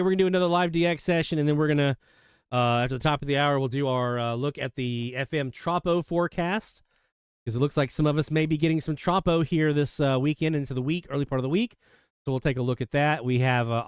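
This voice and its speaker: A man hosting a live radio hobby show, chatting casually and enthusiastically as he reads out listener shoutouts. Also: mid-range voice, fairly even intonation, fairly quick, clear, resonant tone, no room sound, clean studio sound. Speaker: host of a radio hobby livestream.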